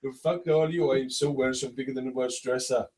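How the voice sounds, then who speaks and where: A man voicing a boastful, competitive adult Welshman, shouting his boasts in a high, laughing voice. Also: steady tone, fairly quick, reverberant, recorded from a distance, lightly acted.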